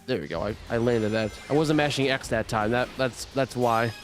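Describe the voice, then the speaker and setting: A man's voice: mid-range voice, normal speed, soft background music. Rambling young man chatting over gameplay. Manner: rambling, full of "like" and restarts. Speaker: gaming streamer. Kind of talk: casual chat while playing a game.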